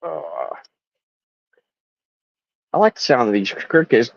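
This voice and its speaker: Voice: mid-range voice, very animated, a little fast, gravelly, dry recording, highs cut off. A livestream host ranting casually in a sarcastic, mocking way.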